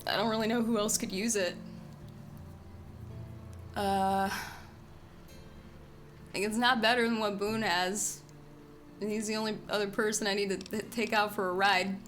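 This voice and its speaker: A woman with a mid-range, slightly bright voice streams a video game, chatting casually but exasperated, swearing often and laughing frequently.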